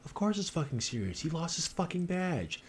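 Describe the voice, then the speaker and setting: A man's voice: on the high side, big pitch swings, normal speed, a little hiss or hum, pitched above the performer's own voice. Man doing a dry, exasperated cop partner. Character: dry, impatient middle-aged male detective partner.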